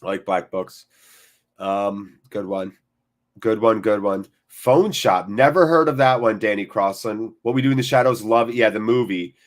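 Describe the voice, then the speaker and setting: A man's voice: fairly low pitch, normal speed. Man hosting a jokey live football stream. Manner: jokey and off-the-cuff, swears freely; reacts to the match between chat replies. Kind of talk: casual live-stream chat, reading viewer comments.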